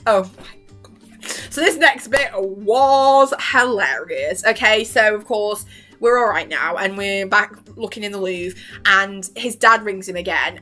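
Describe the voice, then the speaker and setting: A young woman rambling excitedly about a TV series, giggling often and acting out the characters' lines, her voice a little worn. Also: mid-range voice. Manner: gushing, giggly, lots of fillers and quoted reactions. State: voice worn, partly lost. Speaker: vlogger reviewing a TV series.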